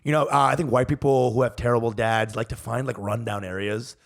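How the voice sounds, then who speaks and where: A man's voice: mid-range voice, steady tone, fairly quick, gravelly. A man co-hosting a comedy podcast, telling rambling, profane stories and laughing often. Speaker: podcast co-host. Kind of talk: casual comedic chat.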